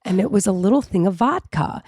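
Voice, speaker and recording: A woman co-hosting a podcast, telling a story in a dramatic, profane, animated way. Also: medium pitch, fairly quick, breathy edge, no room sound. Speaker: podcast co-host. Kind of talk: casual storytelling chat.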